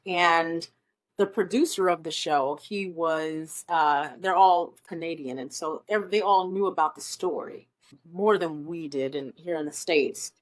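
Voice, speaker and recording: A woman from Omaha, Nebraska, a Broadway performer, appears as an interview guest, unhurried and fairly low-pitched. She tells stories in a chatty, enthusiastic way, often saying um, in a casual conversation.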